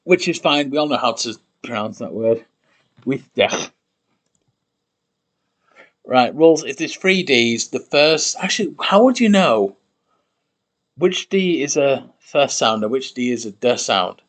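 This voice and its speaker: Slow, musing man talking to himself. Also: medium pitch, animated, a bit bright. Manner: musing, sounds out invented words slowly, often corrects himself. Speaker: streamer building a constructed language. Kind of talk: casual livestream talk.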